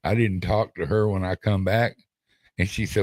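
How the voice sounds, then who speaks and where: A man's voice: sits low, fairly even intonation, normal speed, darkish tone, no echo. A middle-aged man, telling rambling family stories in casual stop-start chat on a podcast. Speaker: podcast co-host.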